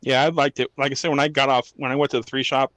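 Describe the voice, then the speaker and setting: A man's voice: mid-range voice, little pitch movement, rapid-fire, a bit bright, dry recording. A man who is a former army drill sergeant, telling blunt, profane stories in a casual podcast chat.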